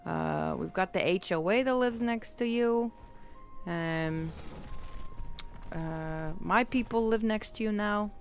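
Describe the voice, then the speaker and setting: Gravelly, chatty woman game streamer. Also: medium pitch, slow pace, soft background music. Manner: rambling, playful, chatty with viewers. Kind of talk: live game stream chat.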